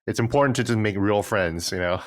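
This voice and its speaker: A man's voice: fairly low pitch, brisk, no room sound, studio quality. A man co-hosting a gaming podcast, chatting casually and often repeating and restarting words. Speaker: podcast co-host. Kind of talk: casual chat.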